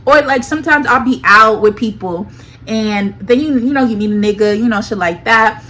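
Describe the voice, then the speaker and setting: Young female vlogger, slightly high voice, casual and animated, talks straight to viewers. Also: normal speed. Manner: animated, dramatic, slang-heavy, addresses viewers as y'all. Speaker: storytime vlogger. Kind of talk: casual storytelling.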